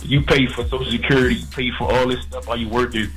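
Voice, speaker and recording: Radio caller, man, mid pitch, fast and earnest, stumbles over words, faint music. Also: fairly even intonation, a bit bright, poor audio. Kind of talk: radio call-in.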